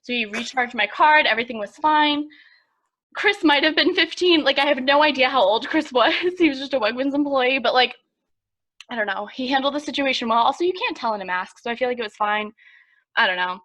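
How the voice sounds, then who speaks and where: Fast-talking chatty young woman. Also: sits high, lively intonation, bright, forceful tone. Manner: chatty storyteller, many fillers. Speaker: podcast co-host. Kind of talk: casual chat.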